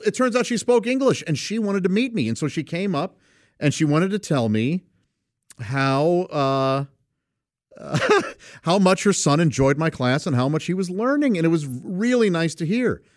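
A man's voice: fairly high pitch, very animated, normal speed, no room sound, clean studio sound. A man casually telling a personal anecdote, rambling and correcting himself, and chuckling often as he goes. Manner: rambling, self-correcting delivery.

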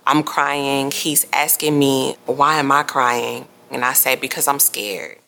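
A woman recounting a traumatic night in an interview, speaking softly and hesitantly with many quiet mm-hmms. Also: a bass voice, fairly even intonation, slow, gravelly, slight background noise. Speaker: crime survivor interviewee. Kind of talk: emotional first-person recounting.

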